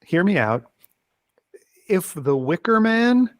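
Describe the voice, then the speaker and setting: Male podcast panelist, slightly high, enthusiastic and chatty, dry recording. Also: very animated, slow pace, dry recording. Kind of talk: casual film discussion.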